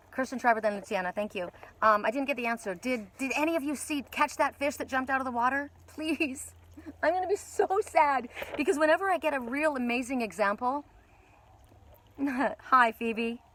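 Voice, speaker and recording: A woman hosting a live oracle card reading stream, rambling and chatty, with gentle spiritual encouragement, recorded outdoors at a lakeside cove. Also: a little high, slight background noise. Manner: rambling, chatty, with many fillers and restarts. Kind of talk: casual live-stream chat with viewers.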